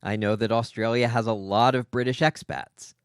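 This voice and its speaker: A man's voice: medium pitch, fairly even intonation, moderate pace, smooth, no echo, studio quality. An American man hosting a casual discussion, asking long, articulate questions. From United States. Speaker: host.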